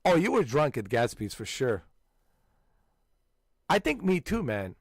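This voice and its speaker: A man hosting a gaming channel, loudly swapping stories with friends and breaking into frequent laughter and exclamations. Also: medium pitch, wildly swooping pitch, a little slow, breathy edge, no room sound, clean studio sound. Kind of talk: casual chat with friends.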